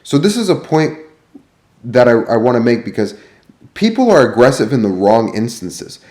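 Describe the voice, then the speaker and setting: A man's voice: mid-range voice, big pitch swings, moderate pace, a little mellow, echoey room. A man telling a rambling, profanity-filled story as a vlogger. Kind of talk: ranting vlog storytelling.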